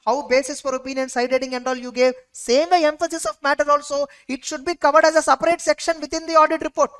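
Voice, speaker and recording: Woman, Indian English accent, slightly high voice, revision lecture, emphatic, quizzing, repetitive. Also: fairly even intonation, quick pace. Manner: emphatic, drills students with repeated rhetorical questions. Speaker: audit lecturer.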